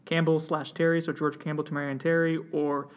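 A man's voice: fairly high pitch, flat delivery, fairly quick, clean tone. A man hosting a casual sports podcast, reading listener questions in a loose, chatty, self-deprecating way.

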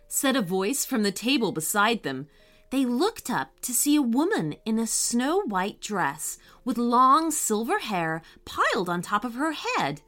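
A woman narrating a children's story in a gentle, expressive read-aloud way. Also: on the high side, a little slow, faint music behind.

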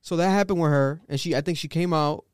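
A young man chats casually as a podcast co-host, his voice a touch higher than most and smooth and clear. He talks in an animated way and mimics other people in squeaky put-on voices. The sound is close and dry. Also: fast, dry recording. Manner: animated, acts out quotes in high voices. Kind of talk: casual music chat.

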